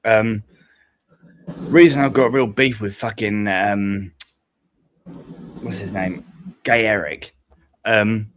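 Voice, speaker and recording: A man's voice: on the low side, fairly even intonation, slow, pauses often, slight background noise. A man, talking on a live stream panel in a rambling, hesitant, sweary way. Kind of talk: casual stream chat.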